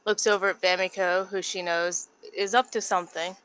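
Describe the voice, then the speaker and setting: A woman's voice: on the low side, level tone, moderate pace, a bit bright, clean tone, rough recording. A woman playing a tabletop role-playing game, describing her character's actions and speaking in character. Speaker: player.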